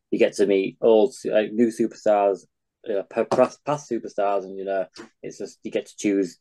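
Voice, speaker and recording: A man's voice: low-pitched, warm tone, low-quality recording. A young Yorkshire man in his twenties, a charity founder talking earnestly as an interview guest. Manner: earnest, enthusiastic reminiscing. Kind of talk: casual interview chat.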